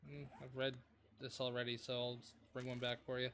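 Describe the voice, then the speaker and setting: A man's voice: medium pitch, monotone, brisk, a bit bright, a little hiss or hum. A man streaming a survival game, chatting casually and teasing his co-player. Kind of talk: casual gaming chat.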